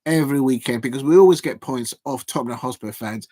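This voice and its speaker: A man hosting a live football watch-along from home, chatting in a rambling, hesitant way with lots of fillers and restarts and giving shout-outs to viewers. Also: medium pitch, fast, dry recording. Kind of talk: casual live match commentary.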